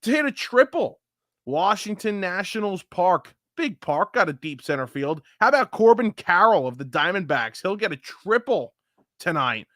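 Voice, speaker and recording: Guy talking baseball, bright and a bit high, dry close sound, joking around. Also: normal speed, no room sound. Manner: animated storytelling, joking. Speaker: podcast co-host. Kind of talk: casual sports chat.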